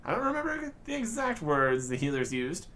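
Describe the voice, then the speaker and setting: A man's voice: fairly high pitch, sing-song, normal speed, bright, forceful tone. A man voicing a rambling male pirate who brews rum in a fantasy game, spinning yarns in old-fashioned pirate talk. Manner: storytelling pirate talk, says 'tis and lad.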